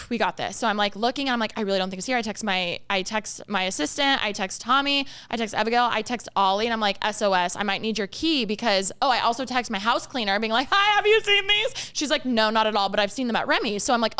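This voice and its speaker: A young woman co-hosting a podcast, telling a story in animated casual chat, acting out quoted lines and often laughing. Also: on the high side, smooth. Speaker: podcast co-host.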